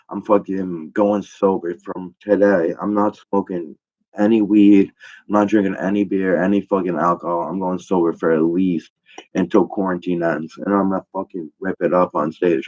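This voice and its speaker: A young man with a very low voice spins a rambling, swear-heavy comic story, stacking fillers as he goes. The sound is dull and lo-fi. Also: level tone, normal speed, darkish tone. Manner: profane, rambling, full of fillers. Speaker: comedian. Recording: dull lo-fi recording.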